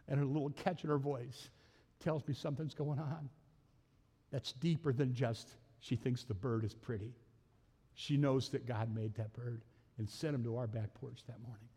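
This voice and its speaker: A man's voice: medium pitch, moderate pace. Folksy pastor man preaching in a reverberant church. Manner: folksy, builds to loud emphatic peaks with quips. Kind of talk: sermon. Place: church sanctuary. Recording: long reverb of a church hall.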